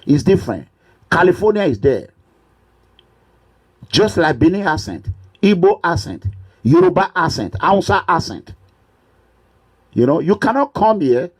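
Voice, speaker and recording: A man with a Nigerian accent giving an impassioned political monologue, preachy and repetitive, at times breaking into shouts. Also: fairly high pitch, very animated, unhurried, pauses often, breathy edge. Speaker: political commentator.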